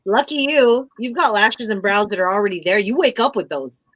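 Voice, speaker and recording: Female co-host, bright voice, dry close recording, playful casual banter. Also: mid-range voice, animated, normal speed, no echo. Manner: chatty, playful, laughing asides. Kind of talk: casual live-stream chat.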